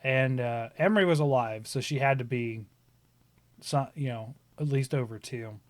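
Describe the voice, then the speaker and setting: A man in his thirties hosting a live stream, chatting casually and telling animated family stories with frequent laughter. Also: mid-range voice, moderate pace, no room sound. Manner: animated storyteller, laughs often. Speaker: stream host. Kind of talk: casual chat.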